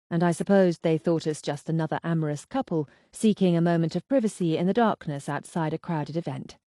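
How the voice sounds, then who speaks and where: A woman narrating a first-person mystery novel in an even, expressive storytelling manner. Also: fairly low pitch, no room sound, clean studio sound. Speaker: audiobook narrator.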